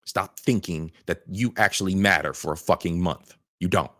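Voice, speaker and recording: A man's voice: low voice, moderate pace, a bit bright, no room sound, studio quality. A man hosting a reaction video, ranting angrily with heavy profanity. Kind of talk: angry ranting commentary.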